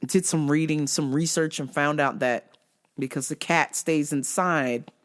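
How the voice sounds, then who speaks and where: A woman's voice: sits low, measured pace. A woman hosting a vlog, ranting in a casual, comedic way and swearing often as she tells stories. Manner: profane, animated storytelling with frequent swearing. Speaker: vlog host.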